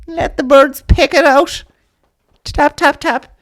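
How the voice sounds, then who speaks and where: A man voicing a heartbroken Irish woman who has become a pigeon-feeding hermit in a park, wailing slowly and melodramatically in a shrill falsetto. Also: fairly even intonation, fairly bright tone, full character voice. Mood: melodramatic despair.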